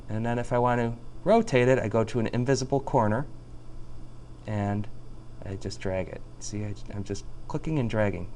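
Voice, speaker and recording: A man teaching a software tutorial over a screen recording, chatty and jokey, talking through each click. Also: mid-range voice, slight background noise.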